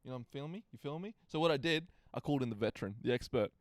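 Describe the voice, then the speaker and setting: A man's voice: medium pitch, racing, no echo. Young man telling a sweary story. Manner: profane animated storyteller. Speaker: podcast co-host. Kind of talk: casual chat.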